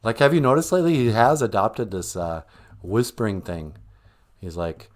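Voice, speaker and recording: A man hosting a comedic livestream, chatting in a joking, animated way. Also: on the low side, fairly quick. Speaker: livestream host.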